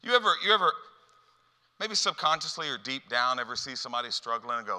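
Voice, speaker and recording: Bright-voiced man preaching in a hall. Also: mid-range voice, fast. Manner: animated and rhetorical, repeating words when excited. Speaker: youth preacher. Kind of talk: sermon.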